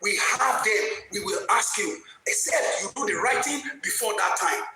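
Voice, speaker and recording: A woman's voice: medium pitch, lively intonation, moderate pace, sharp tone. A middle-aged woman giving a fiery commentary and repeating her points for force. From Lagos, Nigeria. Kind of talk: opinionated commentary monologue. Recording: very echoey room with faint music.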